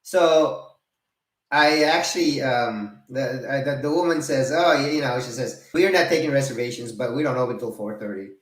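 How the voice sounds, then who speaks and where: A retired man in his fifties telling a casual, animated story, laughing, cursing and acting out both sides of an argument. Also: medium pitch, moderate pace. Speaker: retired vlogger. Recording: roomy, mic set at a distance.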